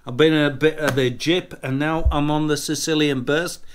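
A boisterous man with a slightly high voice, a bit tipsy and swearing freely. He chats loosely and jokes through a casual product review. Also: fairly even intonation, moderate pace. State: tipsy from drinking. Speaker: snuff reviewer, channel host.

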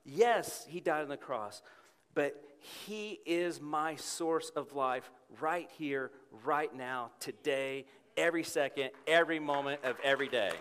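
Guy preaching a sermon in a big echoey church, earnest, gets loud then goes real soft. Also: a little high, unhurried, slight background noise. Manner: earnest, rising to emphatic peaks then dropping to a soft hush. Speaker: pastor. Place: church sanctuary with congregation. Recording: long hall reverb.

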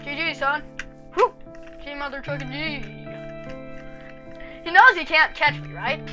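A woman's voice: sits high, unhurried, sharp tone, soft background music. A woman giving cocky, trash-talking commentary over her own gameplay as host of a gaming channel.

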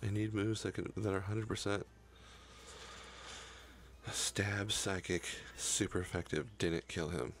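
A young man commentates his own game run with a deep, low voice. A gravelly fry runs through his speech as he curses the game in frustration. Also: steady tone, unhurried, pauses often, a little hiss or hum. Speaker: gaming YouTuber. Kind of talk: profane Let's Play commentary.

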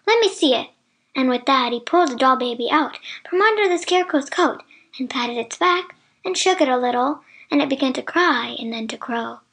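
High-voiced woman reading a storybook. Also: lively intonation, fairly quick, fairly bright tone. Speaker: narrator. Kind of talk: scripted storybook narration.

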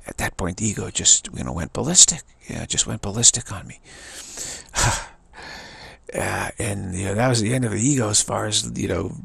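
A man with a low, heavily gravelly and husky voice gives an earnest spiritual talk. He tells it like a story and circles back over his phrases for emphasis. The sound is close and dry. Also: normal speed, fairly bright tone, no room sound. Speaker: spiritual teacher.

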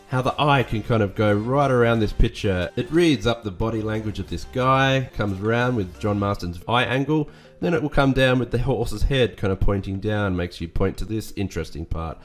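A man giving casual voice-over commentary on his old artwork, relaxed, self-critical and enthusiastic. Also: lowish voice. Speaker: artist reviewing his old work.

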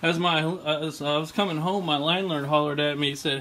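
This man talks fairly quickly in a fairly high, flat, slightly bright voice, barely pausing, with slight background noise. In his relaxed vlog monologue, moving from a snowstorm outside to his home, he swears freely and rambles to viewers in a US Pacific Northwest accent.

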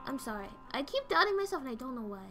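Excitable streamer girl w/ a bright high voice, swears a lot, soft music under it. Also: fast. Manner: excitable, swears, reads game dialogue aloud. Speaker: streamer playing a game. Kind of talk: casual gameplay commentary.

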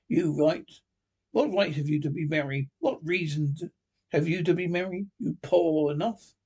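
A man's voice: a little high, normal speed, a little mellow, husky. A man reading a stern, scornful old miser. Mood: indignant. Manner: curt, cold, indignant.

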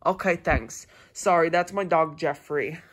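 A man's voice: on the high side, unhurried, fairly bright tone. A man doing a chatty Easter Bunny. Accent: Australian (put on). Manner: rambling, says "mate", stumbles over words. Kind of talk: improvised toy role-play.

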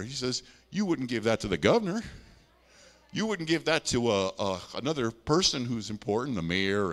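A male pastor preaching with a lively, swinging pitch. He talks to the congregation in a folksy, conversational way, mixing scripture reading with homely asides. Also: long reverb tail. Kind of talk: sermon.

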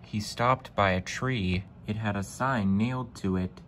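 A man narrating a children's train story in a deliberate storytelling manner. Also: on the low side, fairly bright tone, a little hiss or hum.

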